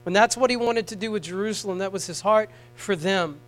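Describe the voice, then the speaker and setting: A man with a high voice preaching a sermon. He drops to hushed, tender tones, then rises to raised, pleading appeals. A faint mains hum runs under the recording. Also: fairly quick, few pauses, rough recording.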